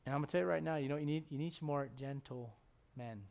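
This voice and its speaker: A male pastor preaching a sermon, swinging between shouted intensity and hushed, gentle tones. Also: fairly high pitch, quick pace, vocal fry.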